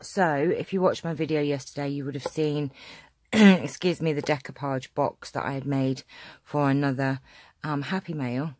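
A woman from England hosting a casual craft tutorial, chatty and homely, slightly hoarse and often clearing her throat. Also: low-pitched, fairly even intonation, moderate pace, darkish tone, no echo. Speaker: craft channel host.

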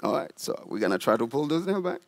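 A man preaching a sermon as pastor in a church, animated and demonstrative, putting questions to the congregation. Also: medium pitch, quick pace, creaky. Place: church sanctuary.

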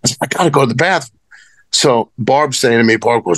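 A man's voice: medium pitch, expressive, fairly quick, a bit bright, no echo. A man telling rambling, profane stories as a wrestling guest in casual conversation. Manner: rambling, profane, many restarts. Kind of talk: casual storytelling.

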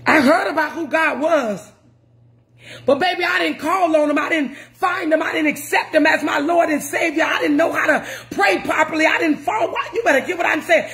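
Brief: woman preacher, high voice, emphatic and repetitive, often shouting. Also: normal speed. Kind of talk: sermon.

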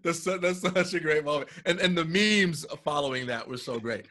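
A man talking as a guest in a casual conversation, animated and acting out quotes as he tells a story, heard over a video call. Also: a little high, moderate pace. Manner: animated storyteller, acts out quotes, repeats words.

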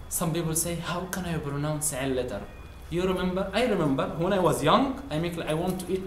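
A man's voice: a little high, moderate pace, slight background noise. A man from Egypt with an Egyptian accent, teaching an Arabic lesson in patient, simple English and repeating each sound. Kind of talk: language lesson. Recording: roomy echo.

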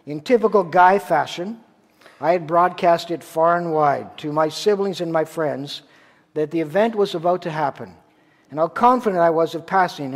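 A man from Ontario, Canada, preaching a sermon as a pastor, telling a story in a conversational way with rhetorical questions. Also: a little high. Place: church sanctuary. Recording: long church reverb.

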